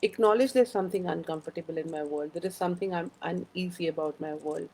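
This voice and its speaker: A woman's voice: fairly low pitch, quick pace, warm tone, breathy edge, poor audio. A woman hosting a casual live-stream chat, rambling through personal stories and greeting viewers by name. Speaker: host of a live wellbeing chat.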